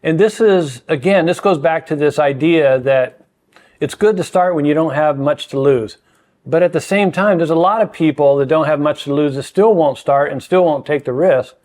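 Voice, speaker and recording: An older man guesting on a podcast as a mentor, speaking in an earnest, measured, emphatic way. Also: a little high, a little mellow. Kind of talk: reflective conversation.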